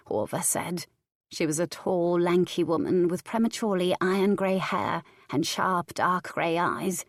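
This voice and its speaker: Lower-voiced woman reading a romance audiobook. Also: moderate pace, no echo, clean studio sound. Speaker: audiobook narrator. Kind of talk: scripted narration.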